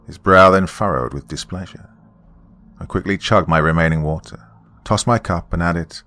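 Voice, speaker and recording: A man narrating a first-person horror story in a measured voice that drops to a hush at tense moments. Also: sits low, animated, creaky, faint music behind.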